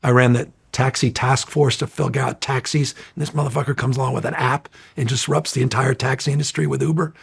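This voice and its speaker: Gravelly, profane middle-aged man. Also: mid-range voice, brisk, hardly any pauses. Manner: profane, energetic, rambling. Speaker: interview guest. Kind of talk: casual storytelling interview.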